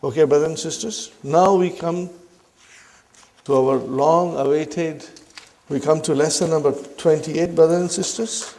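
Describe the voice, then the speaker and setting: A man teaches a grammar class at an unhurried, measured pace, his voice sitting a little high and carrying a rough, gravelly texture. He keeps asking his students questions and calls them brothers and sisters. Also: fairly even intonation, darkish tone. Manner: repeats questions to the class, checks understanding with "huh?" and "are you with me"; addresses listeners as brothers and sisters. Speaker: Arabic language teacher.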